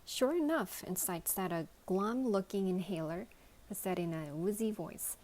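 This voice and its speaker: A woman reading a children's novel aloud as a bedtime story, in a gentle, measured way. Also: mid-range voice, lively intonation, rough recording. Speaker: storybook reader.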